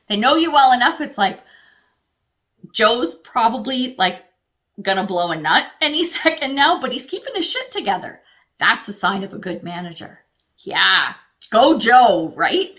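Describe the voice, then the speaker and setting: A woman with a slightly high voice gives a casual tarot reading. She chats straight to the viewer, thinks out loud as she draws cards, and swears freely. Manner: thinks aloud while pulling cards. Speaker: tarot reader.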